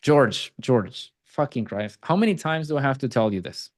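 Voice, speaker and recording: A man's voice: medium pitch, lively intonation, normal speed, hardly any pauses. A man leading a group coaching call as a sales coach, talking bluntly with teasing and swearing.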